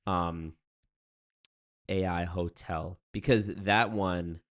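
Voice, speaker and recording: A man's voice: low voice, steady tone, drawn-out words, a bit bright. A young man chatting loosely with his viewers on a stream, rambling and swearing. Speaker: streamer reacting to chat. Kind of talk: casual livestream chat.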